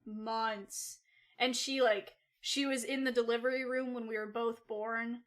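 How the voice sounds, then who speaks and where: Unhurried and a little high-pitched, with fairly even intonation and a fairly bright tone, a young adult woman tells her livestream chat about something personal. The telling is rambling and loose, packed with "like" and profanity.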